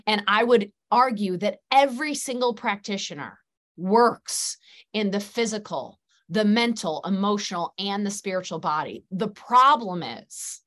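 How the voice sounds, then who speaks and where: A middle-aged woman speaks as an interview guest in a mid-range voice. She talks earnestly and at length, letting her sentences flow into one another and leaning on key words for emphasis. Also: medium pitch. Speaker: guest practitioner. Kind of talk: conversational interview.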